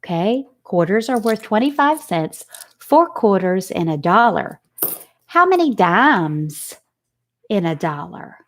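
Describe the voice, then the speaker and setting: Woman teacher sounding out letters slowly. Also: medium pitch, very animated. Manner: sounds out letters slowly, asks questions and answers them with praise. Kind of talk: recorded phonics lesson for young children.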